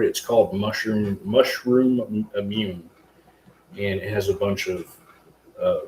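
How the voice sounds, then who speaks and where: Rambling low-voiced man on a livestream. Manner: rambling, loose, filler-heavy, curses casually. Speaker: livestream host, hobby mushroom grower. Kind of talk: casual live-stream chat and how-to. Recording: echoey room with faint ambient hum.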